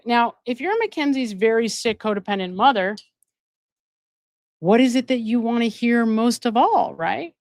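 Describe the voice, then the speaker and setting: A woman's voice: a little high, lively intonation, measured pace, no echo, studio quality. A woman hosting a live stream. She reads out viewer donations and gives commentary, repeating phrases for emphasis. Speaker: host and addiction counselor.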